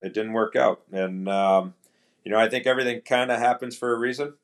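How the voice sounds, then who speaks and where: A medium-pitched man talking fairly quickly, a professional hockey player visiting a podcast, narrates a story in an easygoing way. He plays out his teammates' words as dialogue and keeps restarting with many fillers.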